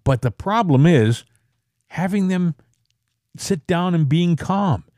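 A man's voice: animated, slow pace, darkish tone, no echo, studio quality. A man co-hosting a political talk show, giving emphatic opinions in a casual chat style. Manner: opinionated, emphatic, pushes pitch up when stressing a point. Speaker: co-host.

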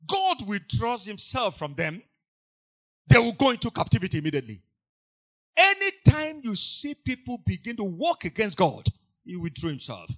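A man preaching a sermon in a high voice that leaps up and down. He repeats his lines for emphasis, sinking to soft asides and then rising to loud cries. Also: huge pitch swings, moderate pace.

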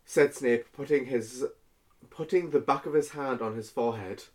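A man casually reading fan fiction aloud for laughs, halting and tripping over words. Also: medium pitch, darkish tone, a little hiss or hum.

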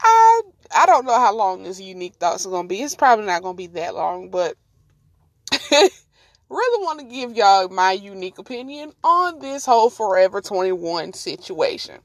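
A woman podcast host telling a story in an animated, slangy, casual way and laughing often. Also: medium pitch, moderate pace, no room sound.

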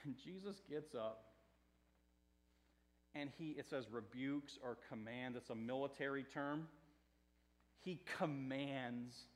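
An American man preaching a sermon, telling a story with animated swings between loud quoted lines and hushed asides, laughing often. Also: medium pitch, slow, pauses often. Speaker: pastor.

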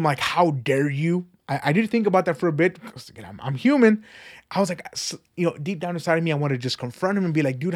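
A young church member gives an earnest, animated testimony of his faith, speaking conversationally and often repeating himself. His voice sits fairly high.

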